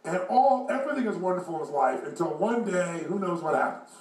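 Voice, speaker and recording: A motivational speaker with a high-pitched voice tells a story in an animated way. He acts out the characters as he goes. The recording is echoey and he stands well back from the microphone. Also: quick pace, slight background noise. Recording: echoey room, far from mic.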